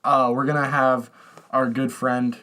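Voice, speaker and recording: A young man co-hosting a podcast, telling childhood stories in casual chat with laughs and excited jumps in his voice. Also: measured pace. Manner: animated storytelling, laughing, pitch jumps when excited. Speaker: podcast co-host. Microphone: podcast microphone.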